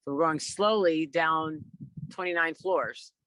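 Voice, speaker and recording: A middle-aged man tells his own story to a remote audience over a video call. His voice is sharp and forceful, with a close, dry sound. He talks in an animated way, with lots of fillers, and acts out what people said. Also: a little high, slow, dry recording, low-quality recording. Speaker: guest speaker. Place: outdoors by the water.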